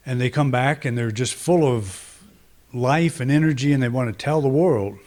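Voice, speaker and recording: A man's voice: medium pitch, moderate pace, darkish tone. A man, a minister, preaching a conversational, reflective sermon with frequent restarts and fillers.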